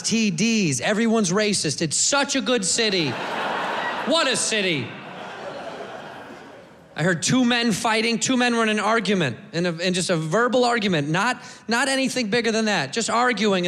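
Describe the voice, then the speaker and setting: A man's voice: high-pitched, normal speed, fairly bright tone. A man doing a crude, playful stand-up set who acts out other people's voices. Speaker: stand-up comedian. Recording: hall reverb, faint noise.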